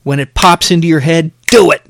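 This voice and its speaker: A middle-aged man delivers sermon-like podcast talk in an emphatic, exhorting style. He drives his points home by repeating phrases. His voice sits fairly high, and the recording is close and dry. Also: brisk, a bit bright, dry recording. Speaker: podcast host.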